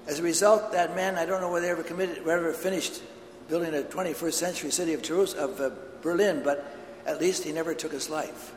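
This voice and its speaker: A man's voice: fairly high pitch, fast talker, slight background noise. A man preaching a homily, earnest and telling stories, in a large church. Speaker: priest. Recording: echoey church hall with long reverb.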